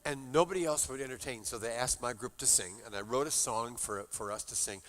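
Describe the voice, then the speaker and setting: A man's voice: mid-range voice, fairly quick, a bit bright. An older man leading a university chapel service, telling a story between songs with playful, joking exaggeration. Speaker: chapel musician and worship leader.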